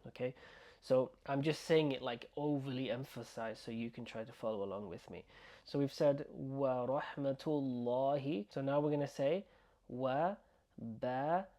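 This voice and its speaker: A man teaching pronunciation, slowly sounding out syllables and repeating them, with quick asides in between. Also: mid-range voice, dark tone. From United Kingdom. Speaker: Arabic teacher. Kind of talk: pronunciation lesson, slow modeled repetition.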